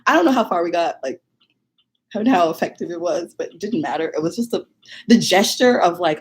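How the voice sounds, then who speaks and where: A woman with a fairly low voice tells a story casually to camera. She is animated and leans on fillers, often laughing mid-sentence. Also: fairly quick, husky. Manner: animated, many fillers, laughs while talking. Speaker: vlogger.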